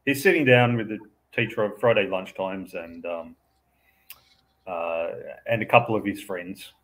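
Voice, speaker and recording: A man's voice: low voice, unhurried, fairly bright tone. A man in casual chat, rambling with many fillers and chuckling as he talks.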